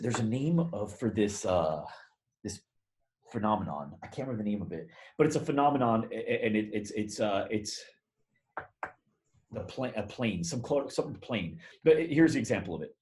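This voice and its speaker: Animated, rambling male podcast guest. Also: medium pitch. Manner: animated, rambling, swears casually. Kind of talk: casual storytelling interview.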